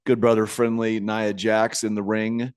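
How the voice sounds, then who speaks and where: A man's voice: lowish voice, a little slow, clean tone, no echo. Rambling male podcast co-host, dry mic. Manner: rambling, animated, repeats himself, reads emails aloud. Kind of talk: casual podcast banter.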